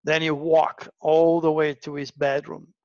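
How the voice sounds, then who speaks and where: A man's voice: on the high side, flat delivery, a little slow, darkish tone, no room sound, muffled recording. A man telling a personal story in a dramatic monologue, often repeating words for emphasis. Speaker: astrology show host.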